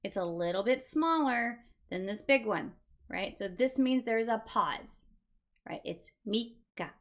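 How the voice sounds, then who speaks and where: A woman's voice: fairly high pitch, animated, a little slow. A woman teaching a beginner Japanese lesson, patiently repeating each word for learners. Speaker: language teacher.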